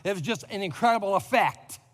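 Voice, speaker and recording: A man's voice: sits high, expressive, fairly quick, long reverb tail. A man preaching a sermon as pastor, building emphasis and lifting his voice on repeated words. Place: church sanctuary.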